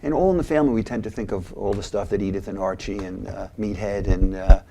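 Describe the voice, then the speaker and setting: An older man, once the head of a mental health agency, tells stories with real animation as an interview guest, doing voices as he retells scenes. His voice sits fairly low with vocal fry, the pace is quick, and a faint hiss or hum runs underneath.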